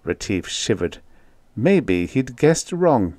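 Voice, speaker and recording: A man narrating a science fiction audiobook in an expressive, lively reading. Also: medium pitch, slow pace, no echo.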